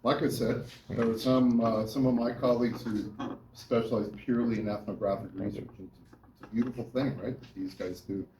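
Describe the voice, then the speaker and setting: A man's voice: mid-range voice, fairly even intonation, normal speed, mellow, a little hiss or hum. A male university lecturer giving a class lecture, talking with students and often checking in with "right?". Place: lecture hall. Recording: echoey classroom from far off.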